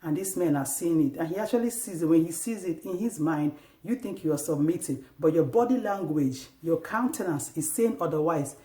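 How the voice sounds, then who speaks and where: Her low-sitting voice has lively intonation, and she talks a little fast with hardly a pause. This Christian vlogger urges wives earnestly toward faith-based marriage habits, staging small domestic scenes with sudden sharp outbursts, all in an echoey room.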